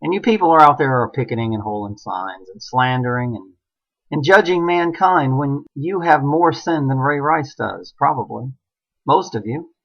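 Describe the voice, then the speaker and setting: A man's voice: mid-range voice, expressive, normal speed, gravelly. A middle-aged man giving an impassioned solo monologue, ranting emphatically and firing off rhetorical questions. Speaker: online commentator. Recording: dull lo-fi recording.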